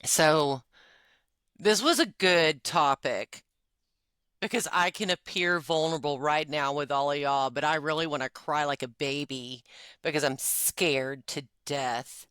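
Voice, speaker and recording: Woman in her 40s, confessional podcast co-host, crisp bright tone, dry close mic. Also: sits low, measured pace, no echo. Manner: emotional, confessional, with frequent fillers and laughs. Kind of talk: candid personal conversation.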